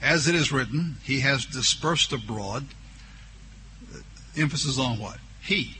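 Male preacher, slow and deliberate, bright voice; reads scripture and stretches out key words. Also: medium pitch, very animated, slight background noise. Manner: voices imagined objections from listeners. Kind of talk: sermon with scripture reading.

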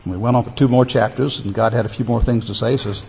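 A man preaching a sermon, emphatic, stretching key phrases slowly. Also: mid-range voice, fairly even intonation, vocal fry, a little mellow, husky. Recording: echoey hall, dull lo-fi sound.

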